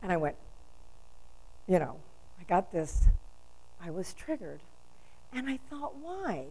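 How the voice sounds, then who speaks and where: A woman's voice: fairly low pitch, big pitch swings, unhurried, a little mellow, poor audio. An older woman delivering a storytelling sermon, asking rhetorical questions with emphasis.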